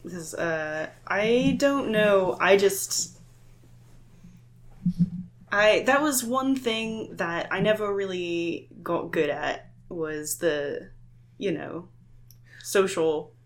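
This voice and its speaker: A woman playing a socially awkward young male adventurer who asks halting, hesitant questions. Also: fairly low pitch.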